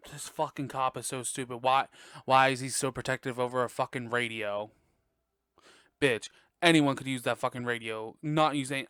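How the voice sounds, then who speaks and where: Profane, excitable young man reviewing movies. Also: medium pitch, smooth, no room sound, clean studio sound. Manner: profane, excitable, laughing often. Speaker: podcast host. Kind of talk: casual movie review chat. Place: dark bedroom at home.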